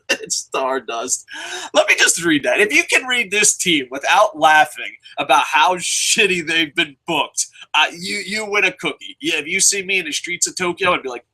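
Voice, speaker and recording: Male host, bright and forceful voice a bit high, profane and sarcastic, excitable casual delivery. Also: rough recording. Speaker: show host reviewing.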